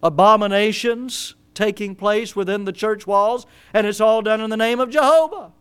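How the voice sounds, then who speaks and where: A male pastor preaching with a high, smooth, resonant voice, recorded close and dry. He swings from loud emphatic bursts to hushed low phrases, drawing out key words and stumbling into restarts. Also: moderate pace, dry recording. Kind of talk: sermon.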